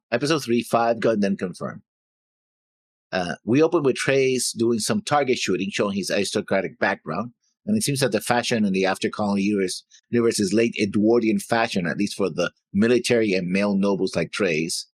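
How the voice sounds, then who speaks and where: A man's voice: on the low side, fairly quick, slightly rough, no room sound. A man co-hosting an anime reaction show, chatting casually and reading episode notes in a rambling, jokey, stumbling way.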